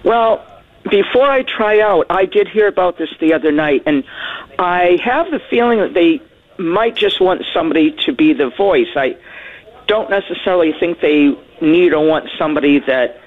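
A man from Massachusetts calling in to a radio show, speaking in a measured, thoughtful way. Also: high-pitched, expressive. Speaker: caller. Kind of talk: phone-in call. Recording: tinny phone line.

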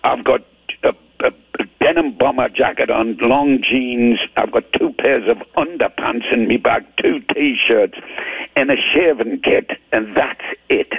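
An older man with a Geordie accent from Newcastle, telling rambling, animated anecdotes with stammers as a guest in a casual interview. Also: mid-range voice, a little slow, dry recording. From Newcastle, England. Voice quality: gravelly, husky. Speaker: guest rock singer. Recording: tinny phone line.

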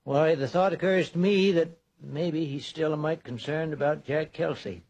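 A man's voice: on the high side, a little mellow. A folksy older small-town man. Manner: slow, folksy drawl. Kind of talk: 1940s radio acting. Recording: dull old radio transcription.

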